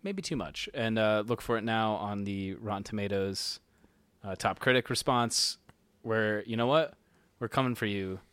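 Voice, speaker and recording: A young adult man co-hosting a movie podcast, casual and joking with quick teasing asides. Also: on the low side, steady tone, fairly bright tone, smooth, no room sound. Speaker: podcast co-host. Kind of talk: casual movie review chat.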